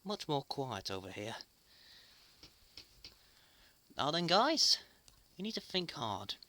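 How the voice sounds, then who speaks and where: A woman voicing a calm, helpful toy leader in a children's toy show, speaking gently and slowly. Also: sits low, voice pushed down, full character voice. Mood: encouraging. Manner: gentle, thoughtful, slow and reassuring.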